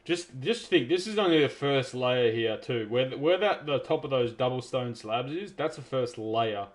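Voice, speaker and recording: A man from South Australia with an Australian accent, giving chatty, excitable live commentary while streaming a game. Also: medium pitch, moderate pace. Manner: chatty, excitable, self-interrupting. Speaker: gaming streamer.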